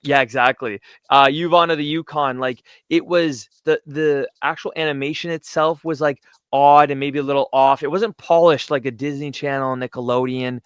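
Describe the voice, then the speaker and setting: A young man hosting a podcast, asking relaxed, chatty questions. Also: fairly high pitch, normal speed, few pauses, clean tone, no echo. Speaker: podcast host. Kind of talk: casual interview.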